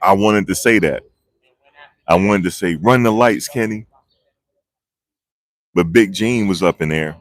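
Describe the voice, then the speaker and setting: Rambling man with a low, dry voice. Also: moderate pace, no echo. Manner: rambling and excitable, loses his train of thought. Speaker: vlogger reporting on a trial. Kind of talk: live casual street commentary. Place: outdoors outside a courthouse. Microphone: phone on a handheld gimbal.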